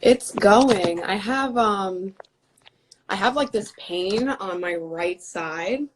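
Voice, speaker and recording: A woman guest on a casual live chat, talking haltingly with many fillers. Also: mid-range voice, background noise.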